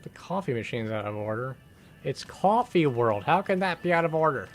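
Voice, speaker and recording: A man streams a horror game and talks to his chat in a loose, casual way, cursing often and reading in-game notes aloud. His voice sits at an ordinary middle pitch. Faint game music plays underneath. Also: animated, fast talker, fairly bright tone. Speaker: gameplay streamer. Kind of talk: casual let's-play commentary.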